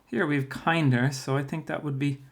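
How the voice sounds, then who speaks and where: A man's voice: on the high side, steady tone, a little fast. A man, a primary school teacher talking a class through a spelling workbook in a patient, explanatory way, with plenty of fillers. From Ireland.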